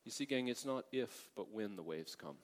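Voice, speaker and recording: A middle-aged man preaching a sermon as a pastor, animated and emphatic, often asking the congregation for an amen. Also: fairly low pitch, moderate pace. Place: large church sanctuary. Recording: long hall reverb.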